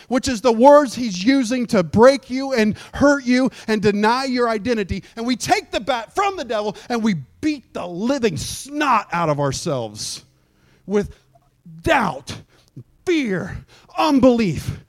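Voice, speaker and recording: Animated high-voiced man preaching. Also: normal speed, dry recording, clean studio sound. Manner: animated preaching, acts out scenes with shouting and mock voices. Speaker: pastor. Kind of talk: sermon. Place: church sanctuary.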